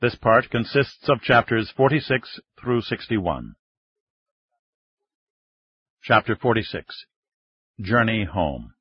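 A man narrating an audiobook in a measured, even reading, recorded close in a studio. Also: lowish voice, breathy edge. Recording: dull, dry studio reading.

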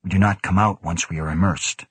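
A man's voice: low voice, steady tone, fairly quick, slightly rough, no room sound. A man voicing a tense, precise female neurophysiologist who speaks formally. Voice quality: formal, clipped.

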